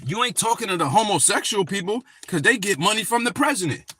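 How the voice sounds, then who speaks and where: A man's voice: sits high, lively intonation, fast, bright, forceful tone, slight background noise. A man hosting a live stream, ranting angrily and speaking straight at the person he criticizes. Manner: angry ranting, addresses his target directly. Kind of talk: heated live stream commentary.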